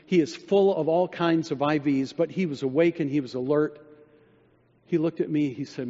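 Preacher guy telling a story from the pulpit, goes low and quiet on quotes, echoey dull hall sound. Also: normal speed. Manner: drops low and quiet when quoting others. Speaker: pastor. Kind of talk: sermon storytelling.

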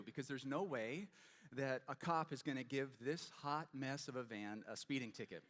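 A man's voice: medium pitch, lively intonation, brisk, fairly bright tone. A man preaching a sermon as pastor, explaining scripture in a conversational way with stories and questions to the congregation. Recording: long hall reverb.

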